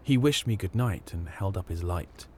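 A man narrating a classic ghost story as an audiobook, in a measured, quiet and grave way. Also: low-pitched, lively intonation, slight background noise.

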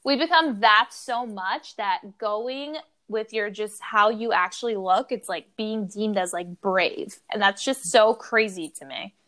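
A woman's voice: medium pitch, unhurried, hardly any pauses, bright, forceful tone. A woman co-hosting a podcast in casual chat, talking with many "like" fillers and laughing through her stories. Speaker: podcast co-host.

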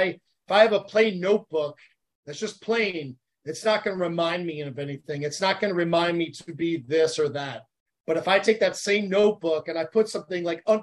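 An American man in his forties with a notably high speaking voice, talking as a podcast guest. He comes across animated and earnest, pouring feeling into each point in a relaxed interview chat. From United States. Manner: animated, earnest and heartfelt, talks about faith. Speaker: podcast guest, former Navy SEAL.

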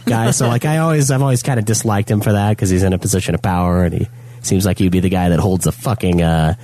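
A man co-hosting a podcast, ranting profanely in casual chat, his voice jumping high when he gets worked up. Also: fast, dark tone, dry recording. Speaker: podcast co-host.

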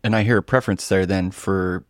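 A man's voice: low-pitched, steady tone, brisk, dry recording, clean studio sound. A man in casual podcast chat, playful and chatty.

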